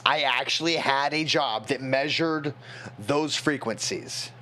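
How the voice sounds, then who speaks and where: A man's voice: medium pitch, slow, bright, forceful tone, a little hiss or hum. A tipsy man streaming, rambling in casual chat and talking to his chat moderators.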